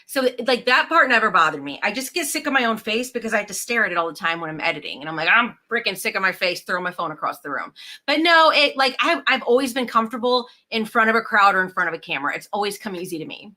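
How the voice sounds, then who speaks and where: A woman's voice: mid-range voice, very animated, fast talker, bright, forceful tone. A woman, hosting a casual chat in a bubbly, chatty way full of "like". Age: 40s. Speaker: host.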